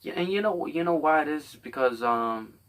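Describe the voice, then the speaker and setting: Blunt, rambling man with a bright voice. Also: on the high side, animated, moderate pace, recorded from a distance, a little hiss or hum. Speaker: podcast host. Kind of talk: casual comedic monologue.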